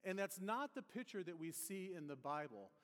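A middle-aged man preaching to his congregation, easing into a sermon through a funny story from his youth. His voice sits a touch high for a man and carries a long reverb from a large hall. He talks casually, restarts sentences often and drops his voice for the punchlines. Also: big pitch swings, normal speed, a bit bright. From Detroit area, USA. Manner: conversational storytelling with humor, many restarts. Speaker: pastor.

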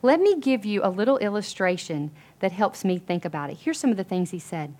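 A woman's voice: mid-range voice, lively intonation, a little fast, mellow. A woman giving an earnest, conversational sermon to a Bible study group, chatting through restarts and fillers. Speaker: women's Bible study speaker.

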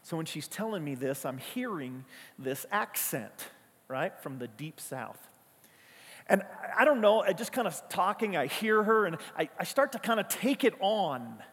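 High, husky-voiced pastor preaching. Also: male voice, very animated, unhurried, fairly bright tone, long reverb tail. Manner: conversational, storytelling, emphatic repetitions. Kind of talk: sermon.

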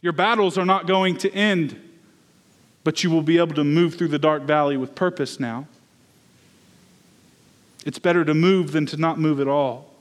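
Male pastor, sermon, high-pitched voice, earnest, personal storytelling. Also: normal speed, long pauses.

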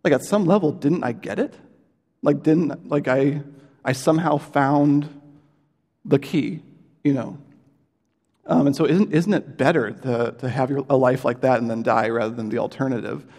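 A man of middle pitch preaches in an earnest, conversational way, often pausing on fillers and restarting his sentences. His voice carries a long reverb, as if he were in a large hall. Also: a little mellow. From United States. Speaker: pastor. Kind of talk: sermon.

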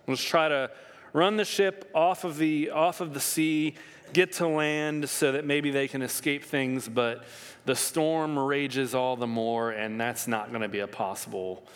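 A man preaching a sermon as pastor, telling the story with lively swings in his voice. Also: mid-range voice, a little slow, clear, resonant tone. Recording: long reverb of a hall.

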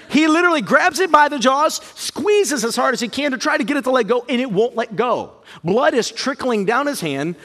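A high, lively male pastor tells a story from the pulpit with a bright, ringing tone. His voice leaps and dips as he mocks himself, and the church hall gives it a long reverb tail. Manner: animated, self-mocking, jumps to high yelps when acting out fear. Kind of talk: storytelling sermon. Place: church auditorium.

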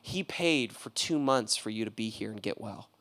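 A man doing a low-key, offhand innkeeper. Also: expressive, moderate pace. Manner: quiet, offhand, slangy. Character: casual innkeeper breaking news to a patient.

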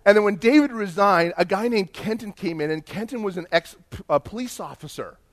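High-voiced animated male preacher. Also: brisk. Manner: animated, emphatic, acts out dialogue. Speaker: pastor. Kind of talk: sermon storytelling.

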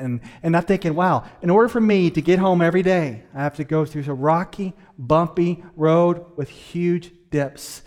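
A middle-aged male pastor delivering a sermon in an earnest way. His voice sits a little high for a man, and he slows right down to stress his key points. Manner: earnest, varies pace, slows down for emphasis.

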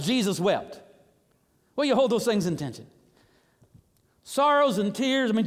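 High-voiced preacher in a reverberant hall. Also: male voice. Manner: animated preaching, rising to high emphatic bursts. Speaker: pastor. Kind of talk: sermon.

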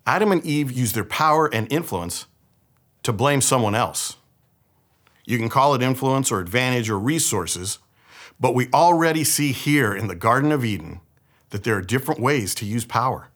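A young man from the San Francisco Bay Area preaches in a relaxed, conversational way, weaving a personal story into his sermon. His husky voice swings up and down with lively pitch, and he tells the story with plenty of animation. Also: measured pace, long pauses. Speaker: pastor.

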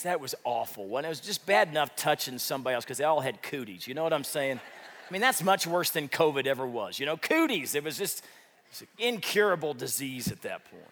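A man preaching a sermon, telling a story with animated, rising emphasis. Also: mid-range voice. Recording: long hall reverb.

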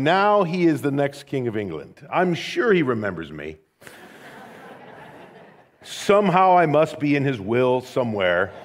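An American man from the Chicago area preaching a sermon, telling stories in a conversational, wry, humorous way. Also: fairly high pitch. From Rockford, Illinois, USA. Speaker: pastor. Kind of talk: sermon with personal storytelling.

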